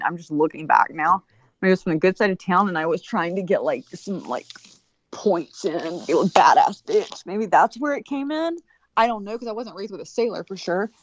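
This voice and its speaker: A woman's voice: medium pitch, dry recording. A crude, rambling woman swears her way through casual talk. The sound is dry and dull, with no room around it. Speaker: co-host. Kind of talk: casual profane chat.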